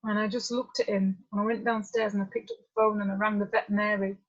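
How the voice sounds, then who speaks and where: A middle-aged woman from northern England, speaking at a workshop, tells a group a personal story in a candid, conversational way with wandering asides. Her medium-pitched voice is flat and quick. The recording is muffled and lo-fi.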